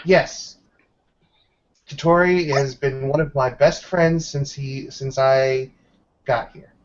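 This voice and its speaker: A woman's voice: a bass voice, steady tone, slow. A woman playing a tabletop role-playing game, speaking in a pleading, defensive way. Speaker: player. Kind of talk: tabletop role-play, in and out of character. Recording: dull lo-fi sound with faint noise.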